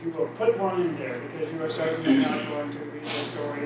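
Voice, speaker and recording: A man's voice: a little high, fairly even intonation, fairly quick, over a noisy crowd. A middle-aged man leading a church Bible study group, teaching in a conversational, self-deprecating way. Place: church meeting room. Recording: echoey room recorded from far off.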